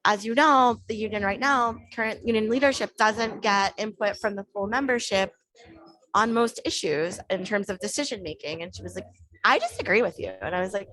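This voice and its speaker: A woman's voice: mid-range voice, low-quality recording. A woman guest on a podcast, casually telling a story and animatedly acting out the back-and-forth she had with others. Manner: animated retelling, acting out quoted exchanges.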